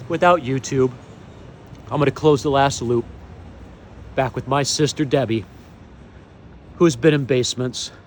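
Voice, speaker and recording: A man delivering an impassioned monologue to camera, proclaiming slowly and emphatically, swinging between loud declarations and hushed asides. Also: medium pitch, a little hiss or hum. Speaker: vlogger.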